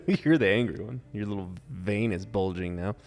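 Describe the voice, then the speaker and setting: A man's voice: on the low side, lively intonation, normal speed, a little mellow, long reverb tail. A man co-hosting a podcast, joking and bantering casually with his co-host. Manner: joking, playful, laughs easily.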